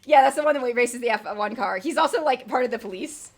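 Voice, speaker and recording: Rambly young woman streamer, gravelly fry in her voice, swears a bunch while playing. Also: fairly high pitch, fast. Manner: rambling, filler-heavy, swears casually. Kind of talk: casual gameplay commentary.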